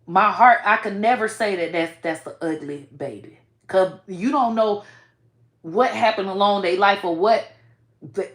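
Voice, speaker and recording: A woman vlogger speaks straight to her viewers in a blunt, profane way, peppering her talk with "bro" and "y'all". Her voice sits at a middle pitch and swings between quiet and loud as she gets emotional. The sound bounces around an echoey room. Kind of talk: casual commentary to camera.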